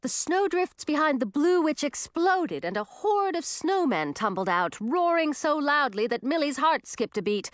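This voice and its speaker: A woman narrating a children's story in an expressive reading. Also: high voice, moderate pace, hardly any pauses, no echo, clean studio sound.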